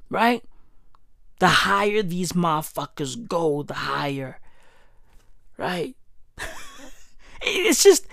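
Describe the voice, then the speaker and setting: A woman with doing a casual rant commentary, animated, profane and mocking. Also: lowish voice, dry recording, studio quality.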